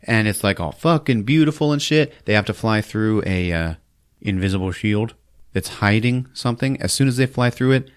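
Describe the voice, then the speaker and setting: A man's voice: fairly low pitch, moderate pace, clean tone, no room sound, clean studio sound. A man hosting a podcast, giving a casual, profane, laughing recap of a film and acting out scenes. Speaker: podcast host.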